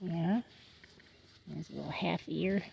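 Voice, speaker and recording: A woman's voice: lowish voice, takes it slowly, vocal fry, highs cut off, a little hiss or hum. Chatty woman cooing at her horses. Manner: chatty, coos and scolds animals in baby talk. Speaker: homestead farmer. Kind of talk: casual vlog talking to her horses. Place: outdoors at a farm.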